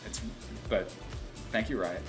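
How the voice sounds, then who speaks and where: Low-voiced man chatting about voice acting. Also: takes it slowly, over music. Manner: rambling, many restarts. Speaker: voice actor. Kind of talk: casual interview talk.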